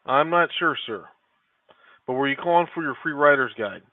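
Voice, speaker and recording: A man's voice: mid-range voice, lively intonation, normal speed, no echo. A man working as a call center agent, politely answering a caller and calling him sir. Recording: tinny phone line.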